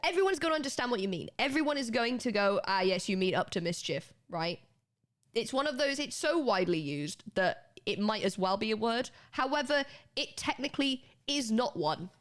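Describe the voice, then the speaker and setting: A woman's voice: fairly high pitch, lively intonation, moderate pace. A British woman streaming live, chatting casually and laughing often as she teaches a spelling lesson to her viewers.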